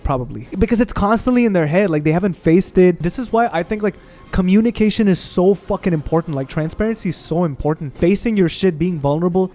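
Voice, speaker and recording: A young man, a gaming streamer, telling stories in an expressive, profane, animated way over his gameplay, speaking into a desk condenser mic at home. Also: on the high side. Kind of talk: casual storytelling over gameplay.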